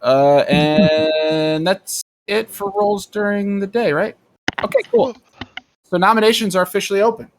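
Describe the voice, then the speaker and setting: A man with a slightly high voice runs the game as storyteller over a voice call. He announces nominations and vote counts in a brisk, procedural way, talking into a computer mic. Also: slight background noise. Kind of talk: running a live-streamed game over voice chat.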